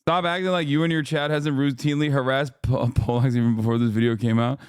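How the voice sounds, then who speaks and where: A man's voice: medium pitch, little pitch movement, quick pace, smooth, dry recording, clean studio sound. A man hosting a casual livestream, talking back to his chat in a profane, ranting way and laughing often. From lives in California. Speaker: livestream host.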